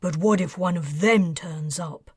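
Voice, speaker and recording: A woman's voice: on the low side, a little slow, slightly rough, dry recording, clean studio sound. Woman voicing a furtive scheming ex-financier.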